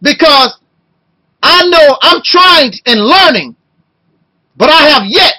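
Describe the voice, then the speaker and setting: A man in his fifties delivering an impassioned video rant, talking loud and emotional and firing off rhetorical questions. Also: very high-pitched, expressive, takes it slowly, low-quality recording. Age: 50s. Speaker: video blogger.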